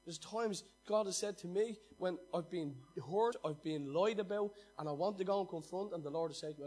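A man preaching a sermon as pastor, impassioned, swinging from loud exhortation to hushed asides and stumbling over repeated words when fired up. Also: sits high, fairly quick, few pauses, breathy edge.

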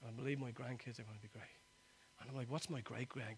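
A man, preaching a sermon that swings from loud exhortation to quiet, intimate appeal. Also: medium pitch, fairly even intonation, fast, a little hiss or hum.

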